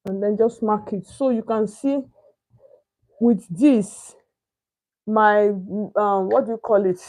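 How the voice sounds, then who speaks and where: Slow-paced and mellow, her medium-pitched voice keeps a fairly even intonation. A young Nigerian sewing instructor, she chats through a step-by-step pattern-cutting tutorial, frequently asking "can you see?" and searching for words.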